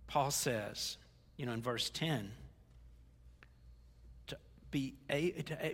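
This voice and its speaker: A man's voice: a little high, lively intonation, moderate pace, pauses often. An older man preaching a sermon as a pastor, conversational, with stumbles and folksy asides. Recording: reverberant hall.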